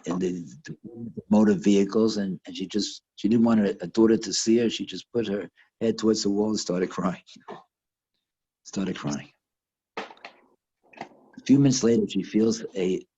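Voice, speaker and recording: A man teaching a lesson over a video call, telling a story in a halting way with lots of restarts and fillers. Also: deep voice, warm tone, breathy edge, dull audio. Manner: halting, repeats words, many fillers.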